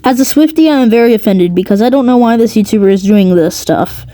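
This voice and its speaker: A woman's voice: fairly high pitch, animated, fast, warm tone, dry recording, lightly acted. A woman putting on the voice of an easily offended young female pop fan who whines indignantly.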